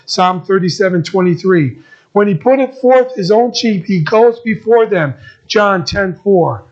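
A middle-aged man preaching a sermon as pastor, earnest and repetitive, moving between emphatic lines and soft ones. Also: high voice, highs cut off.

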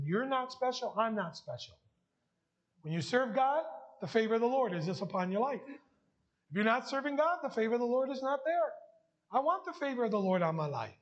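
A man's voice: sits high, muffled recording. A man preaching a heartfelt sermon and sharing his testimony, emotional at times. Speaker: pastor.

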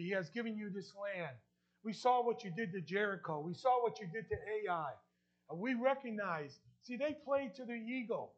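High-voiced New Jersey pastor preaching. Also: male voice, muffled recording. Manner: emphatic, repeats key lines, asks the congregation questions. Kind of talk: sermon.

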